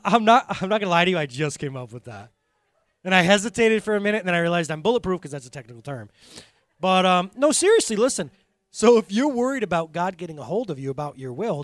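A man preaching a sermon as pastor, telling stories with animated energy that swings from quiet intensity to loud bursts. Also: sits high, fast, dry recording, clean studio sound.

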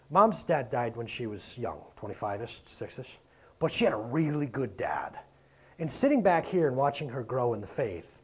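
A man delivers a sermon in an easygoing, conversational way. His voice sits a little high and sounds husky, and his pitch climbs and drops freely as he asks the congregation questions. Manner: conversational preaching with rhetorical questions, swings between loud and soft. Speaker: pastor.

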